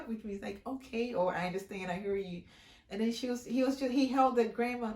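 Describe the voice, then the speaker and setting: A woman's voice: a little high, brisk. A woman from Africa talking casually on her vlog, telling a story with emphatic delivery and then walking through a hair-care routine. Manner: emphatic, expressive storyteller who acts out quoted voices. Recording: roomy echo.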